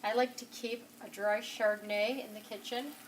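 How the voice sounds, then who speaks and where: A home cooking show host chats enthusiastically straight to the viewer while she cooks, in a casual demonstration from her home kitchen. Her fairly high voice holds a steady tone at normal speed; a distant camera mic captures kitchen noise, sizzle, and utensil clatter.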